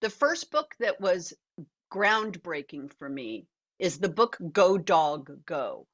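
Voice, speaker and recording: Over a video call, an older woman who acts and writes books talks as an interview guest, recounting stories with animation and reflection. She speaks slowly in a lowish voice, and the sound is lo-fi.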